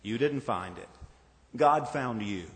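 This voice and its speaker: Man preaching, earnest, rhetorical, middle-pitched voice, long hall reverb. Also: lively intonation, fairly bright tone. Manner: earnest, rhetorical, slowing for emphasis. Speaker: pastor. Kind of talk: sermon.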